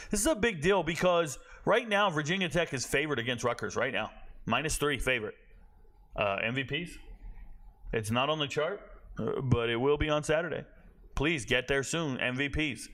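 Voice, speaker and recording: A man hosting a college football show, talking casually and bluntly, rambling and correcting himself, with a tired, low-energy delivery. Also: moderate pace, fairly bright tone. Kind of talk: casual sports commentary.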